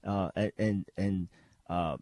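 A man's voice: low voice, steady tone, takes it slowly, a little mellow, no echo. A man hosting a Christian call-in radio show, teaching in an earnest, conversational way with frequent restarts. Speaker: radio talk show host. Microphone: studio microphone.

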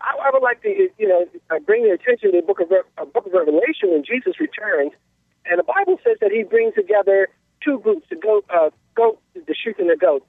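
A man from North Carolina calling in to a radio show, speaking haltingly with many fillers over a phone line. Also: high-pitched, wildly swooping pitch, slightly rough, dry recording. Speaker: caller. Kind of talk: phone-in call.

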